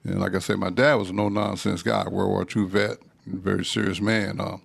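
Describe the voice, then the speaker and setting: An older man from Texas, telling animated stories as a podcast guest. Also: deep voice, normal speed, vocal fry, slight background noise. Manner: animated, acts out voices in anecdotes. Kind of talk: storytelling in casual conversation.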